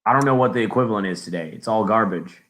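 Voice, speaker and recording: A man's voice: fairly low pitch, quick pace, a bit bright. A man co-hosting a podcast in casual chat, telling stories and acting out the people in them. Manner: chatty storyteller, acts out quotes. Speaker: podcast co-host.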